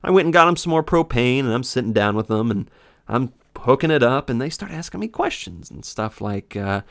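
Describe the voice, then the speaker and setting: A man's voice: mid-range voice, lively intonation, a little fast, creaky, fairly bright tone, no room sound, clean studio sound. A man in his twenties, a game commentator telling a casual story in a sarcastic, profane way. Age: 20s.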